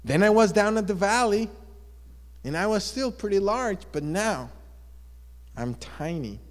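A man's voice: high voice, lively intonation, measured pace, voice pushed up. A man voicing a gloomy rock that keeps complaining its life is miserable, in a mournful, whiny way. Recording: long echo of a large hall.

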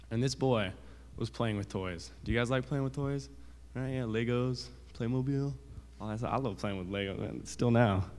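A man telling a story to children, in a casual, rambling way with restarts and acted quotes. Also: on the low side. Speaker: children's sermon speaker. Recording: reverberant hall.

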